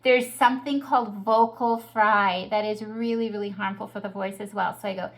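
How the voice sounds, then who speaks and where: A woman's voice: mid-range voice, fairly even intonation, a little fast. A woman who teaches early childhood music, explaining singing techniques in a patient, practical way. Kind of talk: instructional talk.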